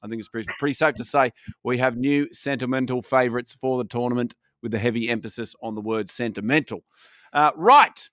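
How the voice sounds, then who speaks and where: A man's voice: medium pitch, a little fast, a bit bright, no room sound, studio quality. A man hosting a podcast, opening the show in a jokey, emphatic way. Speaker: podcast host. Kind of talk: comedic podcast intro.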